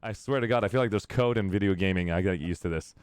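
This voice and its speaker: Deep-voiced man hosting a game stream. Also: racing, clean tone, no room sound, clean studio sound. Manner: upbeat, rambling, laughs often. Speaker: streamer host. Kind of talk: casual live-stream chat.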